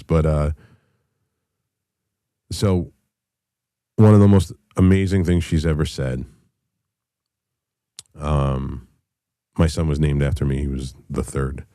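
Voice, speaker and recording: Very deep-voiced man in his thirties. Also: steady tone, mellow, no room sound, clean studio sound. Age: 30s. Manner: candid and profane, halting with fillers. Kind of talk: personal storytelling.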